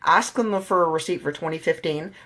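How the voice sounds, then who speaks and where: A woman's voice: fairly low pitch, sharp tone. Chatty woman co-hosting a tax show. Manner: chatty, emphatic, quick to rant. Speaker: tax preparer and show co-host. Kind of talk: casual chat show.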